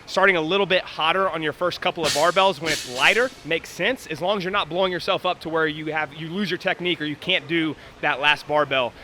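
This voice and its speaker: A man's voice: a little high, fairly quick, few pauses, pushed and bright, a little hiss or hum. A man coaching and commenting live on a workout in a gym, explaining technique and calling out times.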